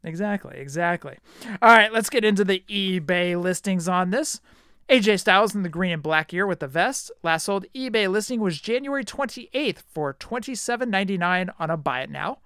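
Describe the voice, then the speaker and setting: A man's voice: sits high, animated, moderate pace, pushed and bright, smooth, no room sound, studio quality. A man hosting a casual podcast chat, reading listings in a matter-of-fact way and teasing his co-host.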